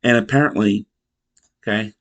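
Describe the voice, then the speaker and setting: A man's voice: lowish voice, fairly even intonation, fairly bright tone. A male reviewer recaps a sitcom in a loose, casual voice. He rambles, halts and restarts sentences as he goes. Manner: rambling, halting, restarts a lot. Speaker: TV episode reviewer.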